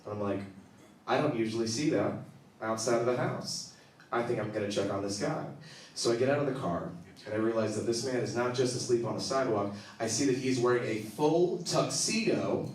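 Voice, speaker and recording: A man doing stand-up, telling a long story with animated acted-out quotes and bursts of laughter. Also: medium pitch. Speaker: stand-up comedian. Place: comedy club stage. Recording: echoey room, from a distance.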